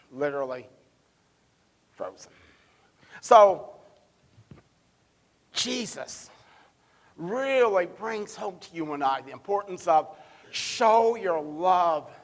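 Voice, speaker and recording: A male pastor delivers a sermon in a church sanctuary. His voice sits high for a man, and he leans hard on key words before dropping to a near-hush. He often repeats a word as he builds toward his point. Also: in a large hall. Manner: emphatic, swings between loud and hushed.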